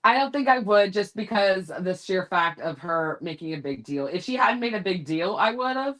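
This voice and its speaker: A woman in a casual chat about a reality show, giving blunt, sharp verdicts. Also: medium pitch, animated, normal speed.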